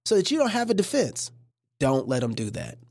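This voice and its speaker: A woman's voice: lowish voice, huge pitch swings, a little fast, darkish tone, no room sound, studio quality. A woman hosting a livestream, giving casual reaction commentary with joking, preachy asides. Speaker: livestream host.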